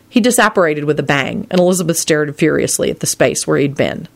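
A woman narrating a fan-fiction story aloud, with expressive delivery. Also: low voice, fast talker, creaky, few pauses.

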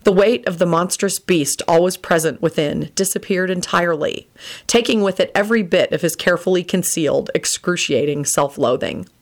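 A woman reading a romance story aloud in an expressive storytelling manner. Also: lowish voice, normal speed. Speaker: reader.

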